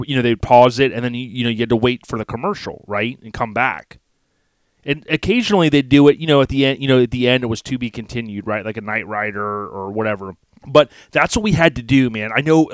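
A man's voice: mid-range voice, no room sound. Easygoing male podcast co-host, folksy rambling delivery, mid-range voice, dry studio sound. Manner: laid-back, rambling, folksy. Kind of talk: casual podcast chat.

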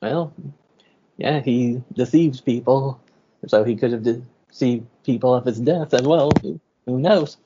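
A man's voice: medium pitch, a little slow, dark tone, slight background noise. A man hosting a podcast in casual chat, joking loosely and laughing often. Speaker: podcast host. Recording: dull lo-fi podcast audio.

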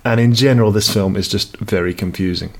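A man's voice: on the low side, brisk. A man co-hosting a podcast in casual chat, dry and teasing, with mock exasperation. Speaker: podcast co-host.

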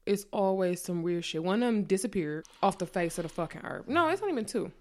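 A woman talking in a casual chat, telling animated, profane stories and acting out other people's lines in a raised voice. Her voice sits at a middle pitch for a woman. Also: a little fast.

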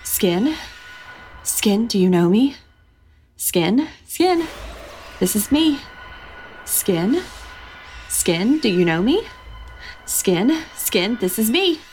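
A woman's voice: mid-range voice, very animated, very slow, pauses often, a little mellow, soft background music. A woman voicing a skinless hag wife who calls out to her skin in a sing-song chant. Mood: eerie calling.

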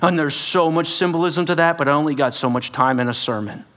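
A man preaching a sermon, telling the story dramatically and acting out voices, dropping to whispers and rising to loud outbursts. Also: fairly high pitch, fairly quick. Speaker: pastor.

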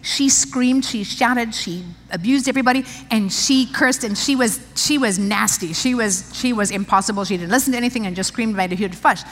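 A woman's voice: fairly high pitch, a little fast, few pauses. A woman pastor from South Africa, telling a personal story in a chatty sermon, laughing often and restarting her sentences. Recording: long reverb of a large hall.

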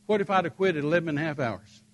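An older man telling a story in a sermon, emphatic and rising to forceful peaks. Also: on the high side, very fast, slight background noise. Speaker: preacher.

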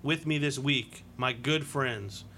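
A man hosting a casual wrestling podcast, chatty and quick to laugh. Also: mid-range voice, pushed and bright, slight background noise. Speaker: podcast host.

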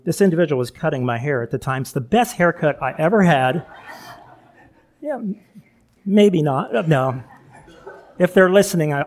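A man's voice: on the high side, a little mellow. A middle-aged male pastor giving a chatty sermon, full of asides, laughing at himself and restarting sentences.

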